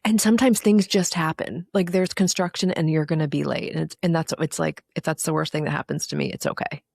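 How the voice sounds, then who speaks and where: A woman's voice: sits low, fairly even intonation, fairly quick, vocal fry, darkish tone, dry recording, clean studio sound. A middle-aged woman speaking as a podcast guest, earnest and reflective, talking candidly with plenty of fillers. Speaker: podcast guest, recovery coach. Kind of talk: candid conversational interview.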